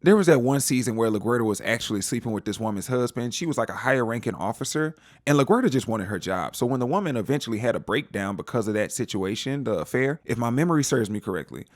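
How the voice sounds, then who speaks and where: This is a man running through a TV episode recap in a relaxed, slangy way, speaking straight to his viewers. His voice moves up and down a lot in pitch and sits at an ordinary male pitch. The sound is close and dry, with no room in it. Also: fast, few pauses, no room sound. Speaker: TV show reviewer. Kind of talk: casual spoiler recap.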